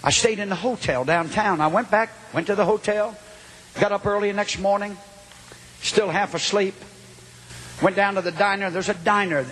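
An older male Pentecostal preacher with a high, ringing voice that climbs into shouts. He drops low for asides and then builds again. A faint hiss sits under the recording. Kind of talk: Pentecostal sermon.

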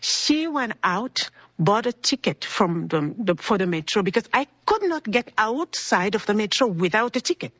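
Brief: woman, animated storyteller, husky and dry voice, slightly dull recording. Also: mid-range voice, normal speed, dry recording. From Congo. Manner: animated, acts out dialogue in voices. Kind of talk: personal storytelling. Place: cold indoor building.

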